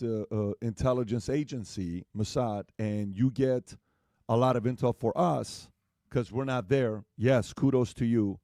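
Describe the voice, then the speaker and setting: A man with a mellow, dark-toned voice argues on a podcast panel. He hammers his points with repeated questions. The sound is dry and close. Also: mid-range voice, measured pace, no echo. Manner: emphatic, repeats questions for force. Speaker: podcast host. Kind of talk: heated podcast discussion.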